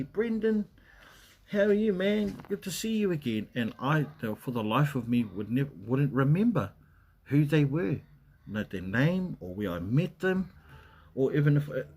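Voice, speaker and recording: A husky, mid-range male voice belongs to a man running a casual live chat stream from home in Western Australia. He rambles as he talks and greets his viewers by name.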